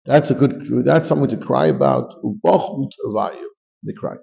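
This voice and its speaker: Gravelly man teaching a Talmud class. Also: mid-range voice, sing-song, moderate pace, warm tone, dull audio. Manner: reads Aramaic phrases then explains in English, with many restarts. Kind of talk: Talmud class, reading and translating.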